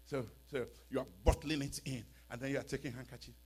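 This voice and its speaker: A man with a West African accent preaches a sermon in a church, dramatic and mocking, sinking to a hush before breaking into shouts. His voice is mid-range, his tone steady, and he speaks quickly.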